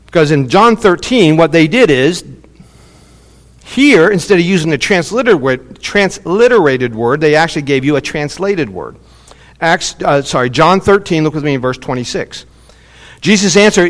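Preaching man with a fairly high voice. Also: moderate pace, big-room sound. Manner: animated teaching, emphatic repetitions. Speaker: pastor. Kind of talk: sermon.

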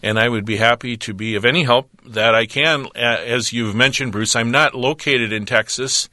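A man speaking as a ministry representative and Bible teacher in a radio interview, earnest and measured, with a preacher's cadence and frequent pauses. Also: mid-range voice, sharp tone, dry recording, studio quality.

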